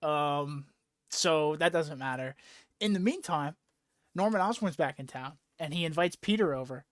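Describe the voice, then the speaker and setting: Young man with a higher voice, dry. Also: expressive, normal speed, dry recording. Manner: rambling, profane, laughing recap with lots of "like". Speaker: podcast host recapping a comic. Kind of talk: casual chat.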